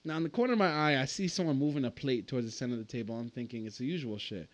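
A man's voice: mid-range voice, rapid-fire. A man, a podcast guest, telling a wild story with lots of swearing and acted-out dialogue. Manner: profane, acts out voices in the story. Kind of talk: animated storytelling.

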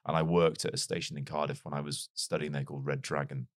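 A man with a light Liverpool accent, a broadcaster chatting as an interview guest, telling stories with quick self-deprecating asides. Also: rumbling low, flat delivery, no room sound, studio quality. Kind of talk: casual conversational storytelling.

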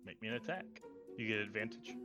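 A man narrating as game master in a tabletop role-playing game, relaxed and laughing as he goes. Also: lowish voice, fast talker. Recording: slightly dull sound with music.

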